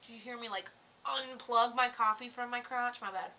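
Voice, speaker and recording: A woman's voice: fairly high pitch, fairly even intonation, normal speed, sharp tone. A woman from Florida, a medium live-streaming in a casual, chatty way, swearing now and then and talking straight to viewers. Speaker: psychic medium livestreamer.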